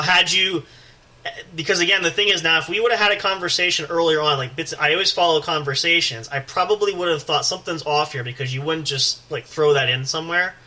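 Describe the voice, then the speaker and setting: Animated, bright-voiced podcast host man. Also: on the high side, low-quality recording. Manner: animated storytelling, swears, rambling with restarts. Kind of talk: casual podcast banter.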